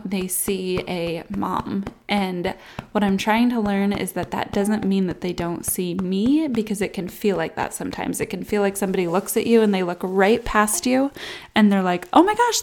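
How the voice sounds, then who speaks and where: A woman's voice: medium pitch, a little hiss or hum. A woman in her thirties talks openly in a casual vlog about life as a new mom. Her delivery is reflective and candid, sometimes close to tears. It sounds like personal chat aimed at her followers. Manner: candid, reflective, soft baby talk asides. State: emotional, near tears at times.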